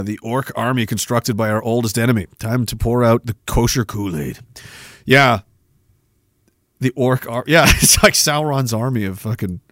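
A man hosting a livestream in a casual, rambling and profane way, quick to flare up and cursing between stretches of chatter. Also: medium pitch, fairly bright tone, no room sound, studio quality. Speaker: livestream host.

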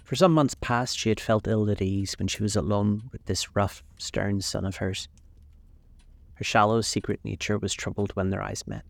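A man narrating a classic novel as a calm, measured bedtime audiobook reading. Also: on the low side, creaky, no room sound.

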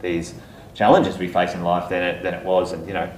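Man, podcast host, deep voice, rambling casual talk, echoey room, distant mic. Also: flat delivery, fairly quick, a little hiss or hum. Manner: rambling, many fillers. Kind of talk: casual interview chat. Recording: roomy sound, heard from a distance.

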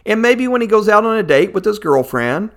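A man's voice: high voice, big pitch swings, fairly quick, vocal fry, fairly bright tone. Enthusiastic male podcast host. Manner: enthusiastic, announcer-like. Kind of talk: Christian podcast show hosting.

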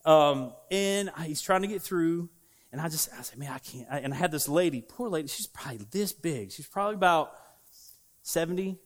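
A young adult man preaching in a casual storytelling way, animated and laughing at himself as he acts out his stories. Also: on the high side, moderate pace. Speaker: pastor.

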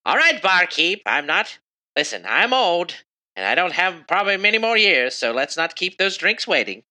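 A man putting on a brisk old queen. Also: high voice, very animated, pushed and bright, pitched above the performer's own voice, full character voice. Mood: impatient. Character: old frail human queen, brisk and commanding.

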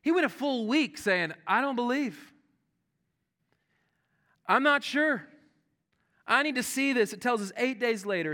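A man preaching a sermon, animated and earnest, dropping to soft hushed tones when quoting scripture. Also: fairly high pitch. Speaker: pastor.

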